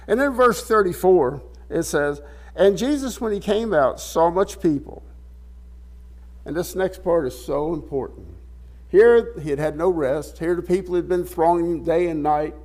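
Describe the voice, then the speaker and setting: A man's voice: on the high side, measured pace. A man preaching a sermon, reading scripture aloud and explaining it in a casual, conversational way, often repeating words as he looks for the phrase. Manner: reads scripture aloud in King James wording.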